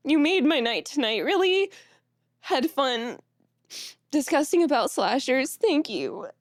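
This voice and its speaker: Young woman, high voice, dry close sound, teary, soft and thankful, nervous little laughs, casual stream chat. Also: sing-song, takes it slowly, long pauses, dry recording. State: teary, on the verge of crying.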